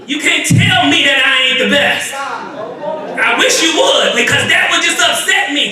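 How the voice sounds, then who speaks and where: A man, a minister, preaching a call-and-response sermon that swells into shouts. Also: very high-pitched, recorded from a distance. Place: large church sanctuary. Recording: echoey church miked from afar, congregation audible.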